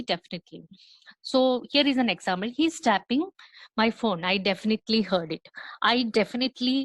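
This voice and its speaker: A woman with an Indian English accent teaches a university lesson in a patient, step-by-step way, pausing on fillers and restarting her sentences. Her voice sits at an ordinary middle pitch. The recording is dry and close, with no room sound. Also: dry recording, low-quality recording. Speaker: university lecturer. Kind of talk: recorded lecture.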